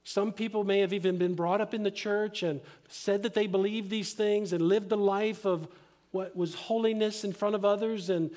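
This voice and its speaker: High-voiced middle-aged pastor preaching. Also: male voice, fairly even intonation. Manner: earnest, emphatic preaching that often drops to a hushed, slow delivery. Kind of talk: sermon.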